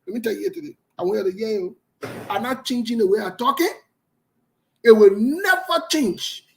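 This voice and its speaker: Defiant high-voiced radio host. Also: male voice, quick pace, vocal fry, rough recording. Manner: defiant and passionate, repeats points for emphasis. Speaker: radio talk show host. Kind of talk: opinionated radio commentary.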